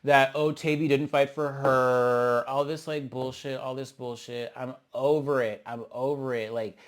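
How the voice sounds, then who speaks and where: A man's voice: medium pitch, fairly even intonation, measured pace. A man giving a casual, sassy review of a reality TV episode, blunt and profane, with dramatic reactions and calling people honey and child. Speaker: reality TV recap host.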